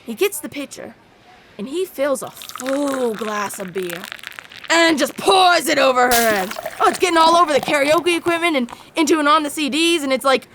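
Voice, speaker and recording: A woman's voice: high voice, moderate pace, background noise, lightly acted. A woman performing a theatrical monologue as a rowdy young adult, telling crude bar stories. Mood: brash. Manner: animated, brash storytelling with crude asides. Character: rowdy young adult bragging about wild bar nights.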